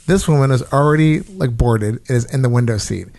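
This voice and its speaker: A man hosting a podcast, telling a story in a casual, animated and profane way. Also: mid-range voice, brisk, gravelly.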